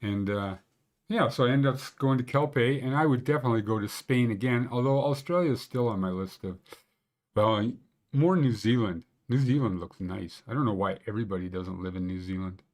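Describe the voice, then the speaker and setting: A man's voice: medium pitch, a little fast, darkish tone. Rambling, joking man hosting a live stream. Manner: rambling, joking, chatty with lots of fillers. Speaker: host of a live local conditions stream. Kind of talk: casual live-stream chat with viewers. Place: Banff area.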